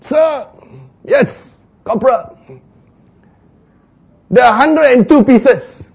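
A man voicing an eager young male foot soldier giving quick, dutiful replies. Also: very high voice, vocal fry, husky, pitched above the performer's own voice, heavily acted.

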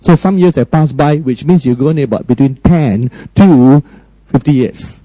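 A man preaching a sermon with a warm, mellow voice, recorded close and dry. He preaches emphatically, climbing high and loud, then dropping low and quiet, and often puts questions to his listeners. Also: normal speed, dry recording, low-quality recording. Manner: emphatic, swinging between high raised lines and low quiet ones; frequent direct questions to the congregation.

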